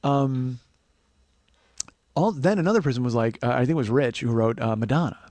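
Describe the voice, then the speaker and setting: A man's voice: medium pitch, expressive, normal speed, darkish tone, no room sound. A man in his forties hosting a comedy podcast, ranting in a rambling, profane, self-mocking monologue. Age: 40s.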